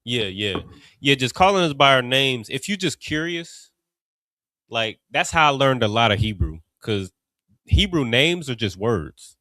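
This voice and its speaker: A man's voice: medium pitch, big pitch swings, measured pace, pushed and bright, dry recording. A man from Cincinnati with an Ohio accent, teaching a class in a loose, conversational way with many asides. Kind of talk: casual teaching talk.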